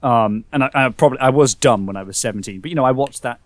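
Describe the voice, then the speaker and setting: A blunt, argumentative man with a British accent, talking in a casual podcast chat. His voice is mid-pitched and sounds close and dry, with little room to it. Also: fast, no room sound. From England. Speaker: podcast co-host. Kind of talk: casual argument among friends.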